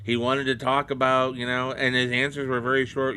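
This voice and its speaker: A man with a bright, forceful tone hosts a podcast. He chats casually and reflects fondly on the people he has interviewed, in a mid-pitched voice. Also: level tone, fairly quick, a little hiss or hum. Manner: reflective, affectionate about old wrestlers. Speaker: podcast host. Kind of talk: casual chat.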